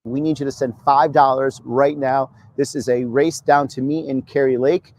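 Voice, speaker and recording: A man's voice: mid-range voice, fairly even intonation, normal speed, noisy background. A man in a political ad, earnestly and urgently asking for donations. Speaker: candidate in a fundraising ad. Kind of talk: political ad appeal.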